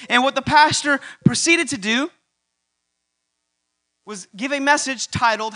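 A man preaching a church sermon, building to loud emphatic peaks and repeating his key lines. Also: very high voice, unhurried, long pauses. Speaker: pastor.

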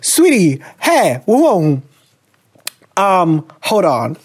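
A woman's voice: on the low side, big pitch swings, drawn-out words, a little mellow, slightly rough, no echo. A woman hosting a podcast, giving frank, playful advice in a casual chat full of exclamations. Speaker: podcast host answering listener questions.

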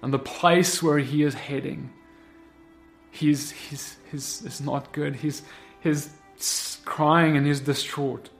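Impassioned preacher man over soft music. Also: a little high, steady tone, takes it slowly. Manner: impassioned, repetitive exhortation that swells loud. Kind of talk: sermon recounting a vision.

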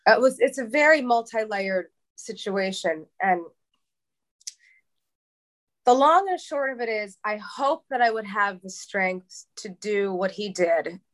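Halting, heartfelt woman from New York. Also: mid-range voice. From New York, USA. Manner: halting, many restarts and repeated words. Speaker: interview guest. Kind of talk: candid emotional interview talk.

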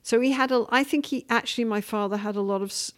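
Brief: middle-aged English woman, slightly high voice, animated storyteller. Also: fast talker. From England. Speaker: guest. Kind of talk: casual interview chat.

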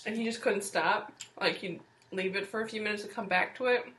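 A young woman co-hosting a casual podcast who chimes in with quick reactions and laughs easily. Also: mid-range voice, steady tone, fairly bright tone. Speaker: podcast co-host.

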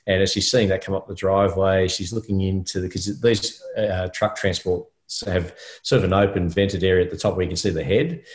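Middle-aged aussie bloke, really low voice, rambly storytelling on a podcast. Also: male voice, fairly even intonation, fairly quick, hardly any pauses. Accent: Australian. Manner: rambling, anecdotal, many fillers. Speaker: podcast co-host. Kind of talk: casual storytelling chat.

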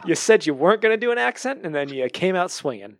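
A man hosting a casual podcast with an upbeat, joking manner and an easy laugh. His voice sits fairly high for a man. It is recorded close and dry on a studio mic. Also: sing-song, fast talker, dry recording. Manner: upbeat and jokey, laughs easily. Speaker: podcast host.

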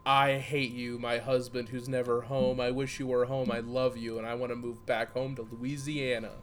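A man voicing a lonely young wife pleading on the phone, in a soft, sappy read. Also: medium pitch, flat delivery, normal speed, a little hiss or hum, pitched below the performer's own voice, lightly acted.

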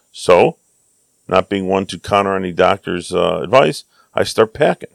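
An American man casually telling a story about his travels, lively, acting out the people he quotes. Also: low voice, normal speed, gravelly, dry recording. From United States. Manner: animated, acts out quoted voices.

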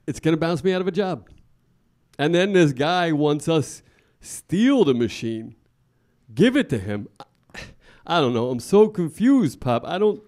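A man's voice: fairly high pitch, a little mellow. An actor playing an anxious salesman son who is whiny and flustered and stammers.

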